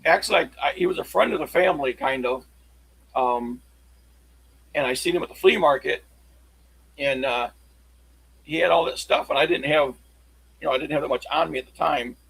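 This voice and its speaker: A man chatting casually on a livestream, showing his locksport tools in a halting, rambling way. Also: on the high side, creaky, a bit bright, husky, dry recording, poor audio. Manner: halting, rambling show-and-tell.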